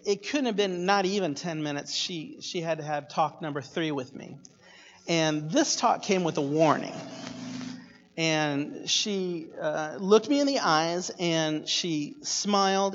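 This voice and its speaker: Animated man preaching in an echoey hall. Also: fairly high pitch, a little slow. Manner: animated, swinging from hushed asides to loud excited bursts. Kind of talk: sermon storytelling. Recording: echoey hall, dull sound.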